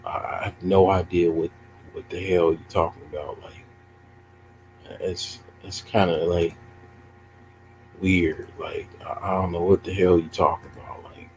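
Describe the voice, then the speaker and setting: A man talks on a livestream in a mocking, taunting way. His voice sits low, and he takes his time over his questions. A faint hum runs under the recording. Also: little pitch movement, a little slow, long pauses, a little mellow, rough recording. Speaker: streamer. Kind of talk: casual livestream chat.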